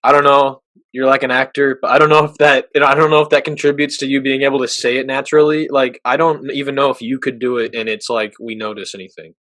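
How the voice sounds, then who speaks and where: A man's voice: mid-range voice, steady tone, quick pace, a bit bright, no echo. A man from Texas with a slight Texan accent, co-hosting a podcast in casual, rambling chat and often restarting his sentences. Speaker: podcast co-host.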